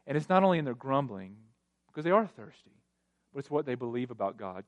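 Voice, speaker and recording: Pastor guy preaching, emphatic, big swings up in pitch and loudness, repeats phrases over and over. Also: big pitch swings, fast. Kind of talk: sermon.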